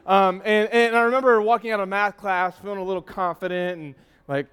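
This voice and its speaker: A man with a high, smooth, clear voice preaches to a youth group in a long-echoing church hall. He tells stories with self-teasing asides and often trips over and repeats his words. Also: steady tone, brisk, a bit bright. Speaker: youth pastor.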